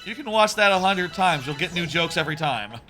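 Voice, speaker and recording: A man's voice: high-pitched, lively intonation, fairly quick, bright, forceful tone. A man in his thirties chatting casually on a live stream while he plays, rambling with many fillers and restarts. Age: 30s. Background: faint game music.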